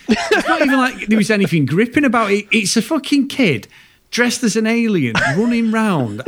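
A man co-hosting a podcast, ranting about a film in casual, sweary, exasperated chat. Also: high voice. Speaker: podcast co-host.

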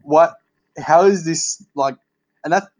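A man's voice: fairly high pitch, slow pace, darkish tone, poor audio. A man hosting a casual podcast interview, chatting candidly and swearing and laughing freely. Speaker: podcast host.

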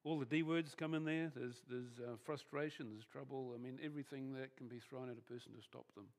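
Speaking briskly in a steady, mid-range voice, a man delivers a conversational sermon as pastor. Phrases get restarted often, and his thoughts fade softer as they end.

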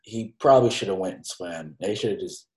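A man's voice: low-pitched, a little fast, darkish tone. A man casually reviewing anime with a co-host, using slang and acting out his own reactions. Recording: echoey room.

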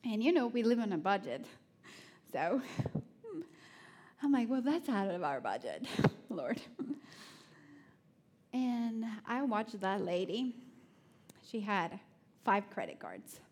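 A woman giving a sermon, telling personal stories in an animated way with laughter and soft, prayerful asides. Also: medium pitch, takes it slowly, long pauses, husky. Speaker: speaker at a church.

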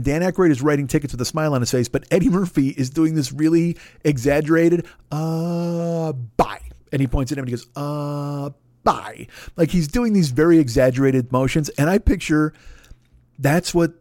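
A man hosting a podcast, ranting in a loud, profane, mocking way and acting out other people's voices. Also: fairly high pitch, expressive, fairly quick, dry recording, clean studio sound. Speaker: podcast host. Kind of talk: profane political rant.

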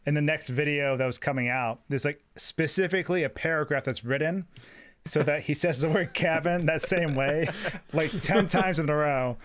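A man's voice: fairly high pitch, normal speed, fairly bright tone. A man from Canada, a horror channel creator, chatting on a podcast with dry jokes. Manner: dry joking, storytelling. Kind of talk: casual chat.

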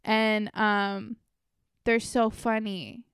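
A woman's voice: mid-range voice, little pitch movement, extremely slow, a bit bright, clean tone, no room sound, clean studio sound. A young woman chatting casually as a podcast co-host, telling stories with lots of "like" and "um". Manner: chatty storytelling with many likes and ums. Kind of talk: casual chat.

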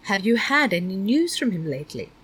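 A woman's voice: medium pitch, sing-song, brisk, a bit bright, breathy edge, heavily acted. A woman voicing a stern, prying middle-aged male school principal who lectures and talks down to a student. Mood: probing. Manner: lecturing, condescending.

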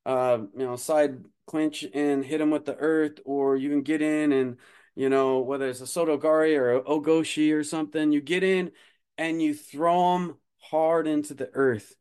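A man's voice: on the high side, fairly even intonation, normal speed, darkish tone, clear, resonant tone. A man hosting a self-defense podcast, talking casually in a rambling way with lots of fillers and jokes. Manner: rambling, many fillers, joking. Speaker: podcast host, martial arts instructor.

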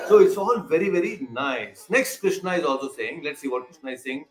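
Male spiritual teacher with a slightly high voice, lecturing on scripture and quizzing listeners. Echoey room, faint sitar music behind. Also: expressive, brisk. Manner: explanatory, quizzes listeners, repeats key terms.

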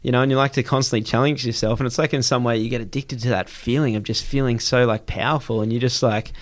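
A man's voice: mid-range voice, fast. A young adult man, hosting a casual chat and acting out quotes as he tells stories. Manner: animated storyteller who acts out quotes.

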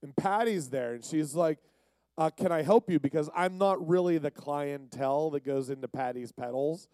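A man's voice: on the high side, normal speed, darkish tone, clean tone, no room sound. A man from Pennsylvania giving a casual, jokey, rambling storytelling sermon. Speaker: youth speaker.

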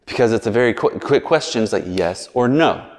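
A man's voice: medium pitch, expressive, fairly quick. A man preaching a sermon as a pastor, chatty and verbose, full of asides and jokes. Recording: long reverb in a large hall.

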